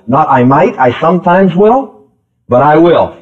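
A man's voice: on the high side, animated, moderate pace, a little mellow. A man preaching a sermon in an emphatic style, repeating key phrases and calling out questions to the congregation. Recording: tinny phone-like old tape recording.

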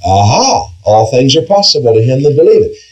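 Animated man leading a Bible class. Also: mid-range voice, a little fast, low-quality recording. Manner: questioning, emphatic, with frequent restarts and "all right". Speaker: Bible study teacher. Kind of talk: interactive Bible class teaching.

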